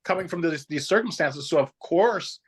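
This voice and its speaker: A man co-hosting an interview in casual chat, halting and repeating words as he searches for how to phrase things. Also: on the high side, expressive, husky. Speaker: co-host.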